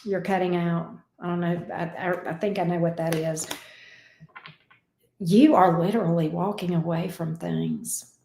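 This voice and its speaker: A woman's voice: on the low side, a little slow, warm tone, echoey room. A woman giving tarot readings on a livestream, casual and affectionate, calling her viewers babe and sweetie and swearing lightly. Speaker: tarot reader.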